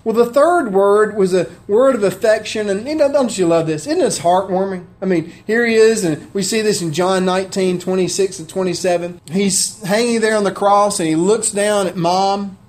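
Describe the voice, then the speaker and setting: A man's voice: sits high, normal speed, few pauses, a little mellow. A man preaching a sermon, conversational and heartfelt, often asking his listeners questions. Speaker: pastor.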